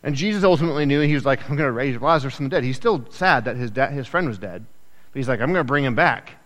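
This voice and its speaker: A man preaching a sermon in a conversational, animated way, acting out the people in the story with quick asides. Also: medium pitch. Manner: animated, acts out quoted voices, conversational asides. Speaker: pastor. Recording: echoey hall with long reverb.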